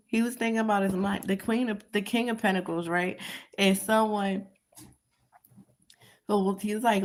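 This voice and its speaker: A woman's voice: medium pitch, steady tone, normal speed, pauses often. A woman giving a casual tarot reading commentary, talking in an emphatic, repetitive way and chuckling at her own remarks. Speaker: tarot reader.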